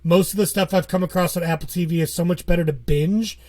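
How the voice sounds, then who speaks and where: A man's voice: high-pitched, steady tone, fast talker, darkish tone. A man co-hosting a podcast, chatting casually, rambling and joking with frequent laughs. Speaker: podcast co-host. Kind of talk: casual chat.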